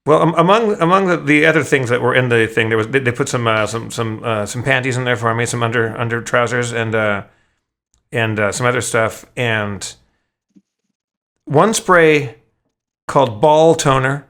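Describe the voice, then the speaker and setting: A man co-hosting a podcast, telling stories in casual chat, profane and animated, stumbling over his restarts. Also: mid-range voice, normal speed. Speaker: podcast co-host.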